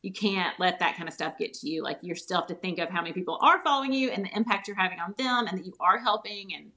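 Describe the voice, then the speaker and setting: A woman in her forties with a Southern US accent, a guest chatting casually on a podcast, animated and quick to laugh. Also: mid-range voice. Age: 40s. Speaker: guest, holistic nutritionist.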